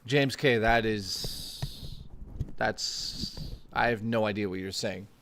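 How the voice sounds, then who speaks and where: A man's voice: lowish voice, takes it slowly, a bit bright, slight background noise. A man hosting a livestream, chatting casually with viewers, reading out their messages and joking with a lot of swearing. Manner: profane, joking, reading chat aloud. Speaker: streamer host.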